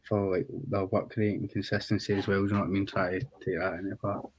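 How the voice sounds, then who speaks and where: A man's voice: sits low, level tone, quick pace, husky, dry recording, low-quality recording. A young Scottish man, a rapper guest in a casual interview, laid-back and slangy. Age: young adult.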